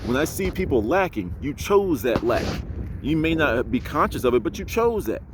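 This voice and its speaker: A man's voice: on the high side, sing-song, moderate pace, noisy background. A man vlogging outdoors in a casual monologue, blunt, preachy and self-assured as he talks about spirituality. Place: outdoors in an urban area.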